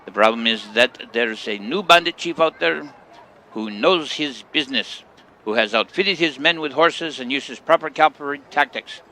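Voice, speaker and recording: A man voicing a male caravan merchant in a game, speaking earnestly in a deliberately bad put-on accent. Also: fairly high pitch, expressive, gravelly, sharp tone, a little hiss or hum, voice pushed up, full character voice.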